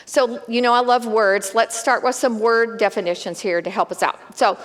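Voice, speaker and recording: A woman teaching a women's Bible study in a conversational, animated way, talking straight to her group. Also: a little high, moderate pace, long reverb tail.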